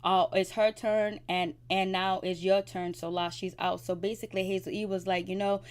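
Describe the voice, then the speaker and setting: A woman talks through a reality show episode in a loose, chatty way. Her voice sits at a middle pitch, and her opinions come out bluntly, padded with lots of "like" and "you know.". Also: flat delivery, normal speed, hardly any pauses, clean tone. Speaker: TV recap vlogger. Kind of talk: casual spoken recap.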